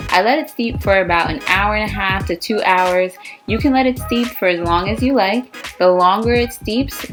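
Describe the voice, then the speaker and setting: A woman's voice: mid-range voice, fairly bright tone. A woman talking through a homemade skincare recipe step by step in a friendly, casual vlog manner. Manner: friendly, step-by-step, self-deprecating. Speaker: DIY beauty vlogger. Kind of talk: casual how-to explanation.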